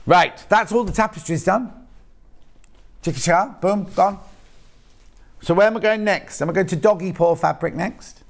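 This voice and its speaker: A man's voice: sits high, brisk, gravelly, few pauses. A man presenting live on a shopping channel, chatting and joking in rambling asides while selling fabric in a TV studio.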